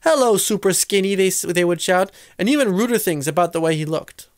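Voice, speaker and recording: Lively male reader doing a children's book aloud, voice on the high side, dry sound. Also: brisk, no room sound. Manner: expressive, shifting voices for characters. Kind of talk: storybook read-aloud.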